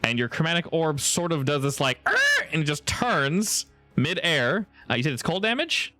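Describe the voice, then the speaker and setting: A man's voice: on the high side, animated, over music. A man narrating a tabletop game as game master, playful and helpful with the players. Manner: playful, quick to laugh, helpful.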